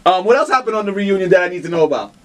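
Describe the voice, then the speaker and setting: A man's voice: sits high, expressive, racing, slight background noise. A man hosting an interview show, playful and teasing, joking with his guest. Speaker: interview host. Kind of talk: casual interview chat.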